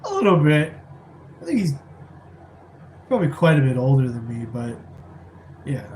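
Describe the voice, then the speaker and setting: A man's voice: medium pitch, very animated, normal speed, a little mellow, slight background noise, poor audio. A man casually chatting on a live stream, rambling and laid-back while answering viewers from a rented apartment, keeping his voice down.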